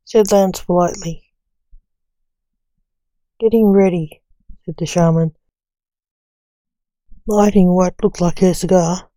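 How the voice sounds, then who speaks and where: A woman reading a story aloud in an even, unhurried way, with little change of voice between characters. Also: on the low side, dry recording. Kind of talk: read-aloud story narration.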